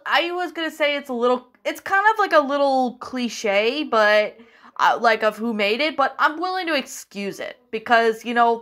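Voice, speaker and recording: A woman's voice: on the high side, fairly bright tone. A woman casually reviewing a story she narrated, rambling with many fillers and restarts, hesitant and apologetic. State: hiccuping.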